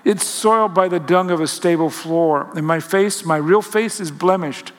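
A man voicing a frightened, lonely teenage mother who pleads softly, her voice breaking. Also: fairly high pitch, normal speed, natural voice. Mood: pleading, fearful. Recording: long hall reverb.

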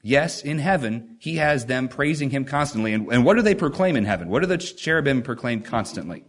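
A man's voice: medium pitch, lively intonation, a little fast, husky. A man preaching a sermon, reading scripture and asking the congregation rhetorical questions with strong emphasis.

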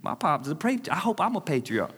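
A man's voice: fairly high pitch, fast talker, breathy edge, big-room sound. A man in his forties preaching a sermon, telling stories with humor and laughing often. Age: 40s. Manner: animated, storytelling with humor and laughs. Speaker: pastor. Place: church hall with congregation.

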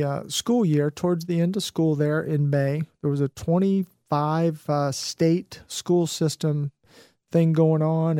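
A man's voice: a little high, mellow, dry recording, studio quality. A middle-aged man hosting a motivational talk, upbeat and encouraging, rambling with lots of fillers. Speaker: host.

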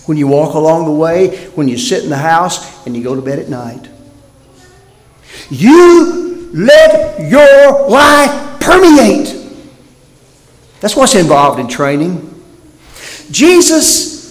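A man preaching a sermon as pastor, swinging from loud emphatic bursts to quiet, near-whispered lines. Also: on the high side. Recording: roomy hall reverb.

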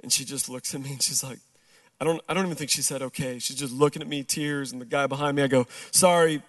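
A middle-aged male pastor giving a sermon, telling a personal story and acting out the dialogue, dropping quiet and slow for the serious moments. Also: medium pitch, fairly even intonation.

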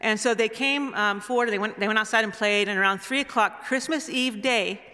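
A woman's voice: mid-range voice, a little fast. A woman giving a guest sermon, telling stories in a rambling way with restarts and asides. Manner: rambling, warm storytelling with restarts. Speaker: guest speaker. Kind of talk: storytelling sermon. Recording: reverberant hall.

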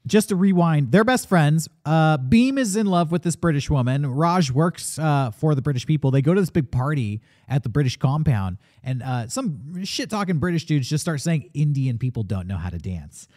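A man's voice: a little high, animated, moderate pace, few pauses, darkish tone. A man hosting a casual movie review, retelling the plot with laughs and curses. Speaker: podcast host.

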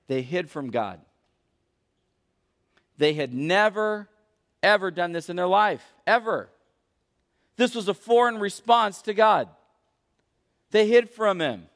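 A man's voice: high voice, expressive, a little slow, long pauses, a bit bright. A young adult man preaching a sermon as a pastor, earnest and emphatic. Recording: echoey hall.

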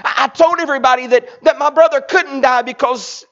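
A man's voice: very high-pitched, a little fast, a bit bright, pitched above the performer's own voice. A man voicing a grieving woman who pleads with her lord, his voice climbing. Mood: pleading. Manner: pleading, voice rising. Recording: dull lo-fi recording.

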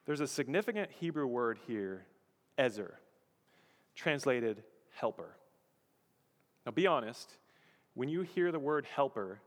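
A man preaching a sermon as pastor, lively, acting out quotes and putting questions to the congregation. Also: mid-range voice, in a large hall. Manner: animated, acts out quotes, asks the audience questions.

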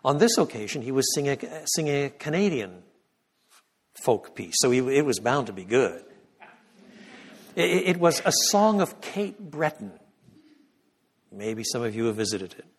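A man delivers a sermon-style lecture in a church, his voice slightly husky. He hammers his key points loudly, then sinks into a hushed, reverent prayer. The sound rings with the long reverb of the church hall. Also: mid-range voice, very animated, measured pace, long pauses. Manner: emphatic, swings from loud peaks to hushed prayer. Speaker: guest lecturer.

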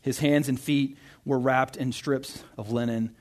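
This young pastor speaks unhurriedly in a medium-pitched voice with fairly even intonation. His sermon is casual and conversational: he reads scripture, interrupts himself and keeps checking in with "right?"

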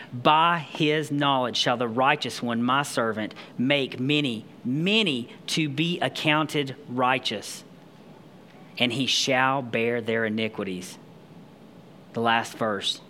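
A man's voice: medium pitch, unhurried, pushed and bright, a little hiss or hum. A man preaching, reading scripture aloud and then explaining it in a conversational, emphatic way. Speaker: pastor. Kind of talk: sermon.

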